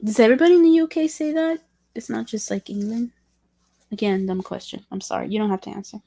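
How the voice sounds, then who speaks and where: A woman's voice: medium pitch, steady tone, fast talker, creaky, dark tone, dry recording. A woman whose first language is Spanish, chatting casually on a livestream in a rambling, curious and apologetic way.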